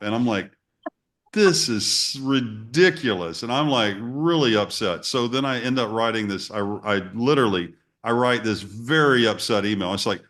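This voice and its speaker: Brief: middle-aged male guest, lower voice, animated storyteller who plays out the emails and his reactions. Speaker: interview guest. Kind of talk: casual storytelling.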